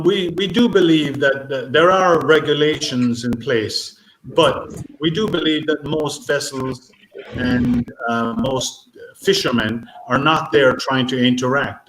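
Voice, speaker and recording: A man giving a conference talk as a marine biologist, speaking haltingly with many fillers and restarts. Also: medium pitch. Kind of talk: conference talk answering questions. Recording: echoey room, faint noise.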